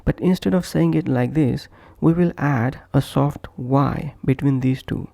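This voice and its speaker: A man giving a scripted pronunciation lesson, slowly repeating each example word pair. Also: mid-range voice, vocal fry, dark tone, no echo, studio quality. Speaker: pronunciation teacher.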